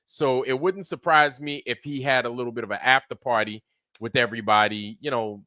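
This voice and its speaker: A man's voice: medium pitch, steady tone, brisk, pushed and bright, no room sound. A man hosting a livestream in casual, rambling chat, swearing freely and laughing often. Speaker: livestream show host.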